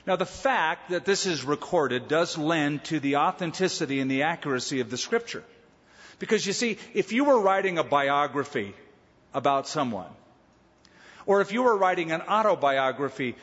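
Man, pastor, emphatic sermon delivery, slightly high voice, lo-fi church hall recording. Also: a bit bright. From Southern California. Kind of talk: expository sermon. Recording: dull lo-fi sound with long hall reverb.

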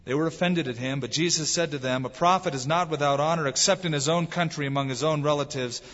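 Pastor preaching in an echoing hall. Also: male voice, on the high side, fast, fairly bright tone. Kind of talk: sermon. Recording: dull lo-fi with long hall reverb.

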